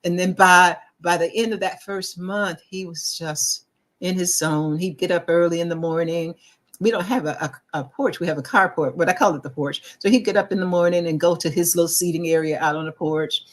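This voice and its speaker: A middle-aged woman co-hosting a talk show tells a personal story in casual chat, her voice on the low side and fairly quick. She's an animated storyteller who acts out the voices of the people she quotes and often restarts her sentences.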